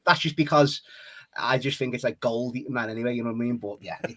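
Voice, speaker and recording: A man's voice: medium pitch, fast talker, fairly bright tone. A man in his late thirties from England, co-hosting a podcast in laughing, matey chat. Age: 30s. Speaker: podcast co-host. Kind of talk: casual chat.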